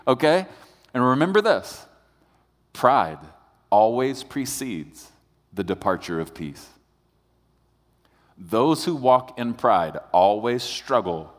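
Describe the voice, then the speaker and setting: A man preaching a sermon as pastor, animated, swinging between loud emphatic bursts and hushed, intense passages. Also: fairly low pitch. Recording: long hall reverb.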